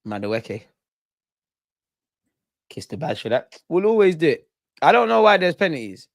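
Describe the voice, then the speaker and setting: A man's voice: fairly high pitch, big pitch swings, normal speed, vocal fry, no echo. A young man hosting a live football watch-along, heckling penalty takers and ranting casually. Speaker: football fan channel host.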